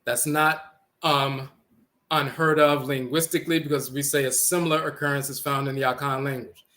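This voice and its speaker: A man's voice: mid-range voice, fairly even intonation, normal speed, pushed and bright. A man giving an explanatory lecture, repeating words and sounding out letters as he teaches.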